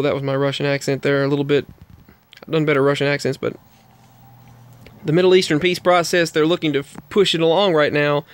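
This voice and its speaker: A man's voice: a little high, clean tone. A man giving casual news commentary as a vlogger, rambling and often correcting himself.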